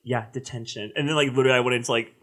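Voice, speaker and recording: A man's voice: medium pitch, rapid-fire. A man co-hosting a podcast, chatting casually and laughing often while telling stories. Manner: laughs often, animated storytelling. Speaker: podcast co-host. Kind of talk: casual chat.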